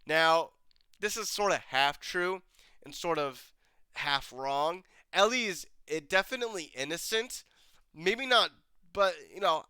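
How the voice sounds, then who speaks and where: A man's voice: fairly high pitch, sharp tone, clean tone, no echo. A man casually reviewing a TV episode, rambling with fillers and restarts, a bit stuffy-nosed from a cold. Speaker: TV review host. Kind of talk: casual commentary.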